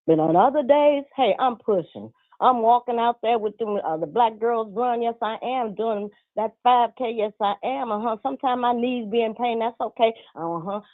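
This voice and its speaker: An older woman speaking as a guest on a call, folksy and encouraging, dropping in "uh-huh" and "baby" as she goes. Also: a little high. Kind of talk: motivational call-in talk. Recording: tinny phone line.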